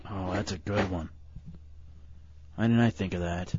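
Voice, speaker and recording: A man's voice: deep voice, steady tone, a little slow, darkish tone, a little hiss or hum. A man hosting a radio show, joking and teasing his co-hosts while running a fantasy football draft, often laughing. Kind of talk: casual radio banter. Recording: dull lo-fi radio recording.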